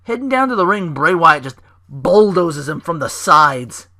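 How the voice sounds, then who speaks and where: A man hosting a casual podcast, recapping wrestling shows and acting out the wrestlers' lines in raised, louder voices. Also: fairly high pitch, sing-song, measured pace. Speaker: podcast host.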